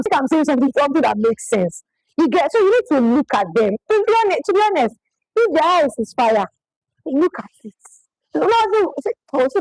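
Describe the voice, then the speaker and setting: A woman's voice: sits high, dry recording, low-quality recording. A woman giving a live public speaking workshop, talking emphatically and often repeating phrases for effect. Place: presentation venue in Lagos.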